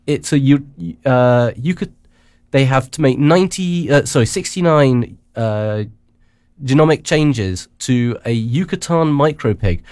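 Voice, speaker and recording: A man hosting a casual news chat, rambling with many halting restarts. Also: medium pitch, darkish tone, dry recording, clean studio sound. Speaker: radio show host.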